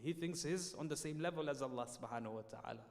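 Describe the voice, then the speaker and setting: A man preaching in a mosque hall, telling his story with dramatic rises and sudden quiet drops. His voice is somewhat high for a man and carries a long, ringing reverb. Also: fast. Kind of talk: sermon.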